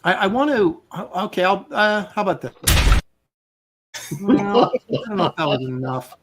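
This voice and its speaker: Wry middle-aged man with a lively voice. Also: high-pitched, moderate pace. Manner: wry, opinionated, self-mocking. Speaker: co-host of an art show. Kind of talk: casual chat while drawing.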